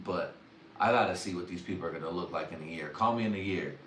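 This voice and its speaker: Talking quickly in a deep, fairly bright voice, he keeps up the crude stand-up riffing on his livestream, cursing freely and laughing at his own material. Slight background noise joins a roomy, distant-mic sound with faint ambience.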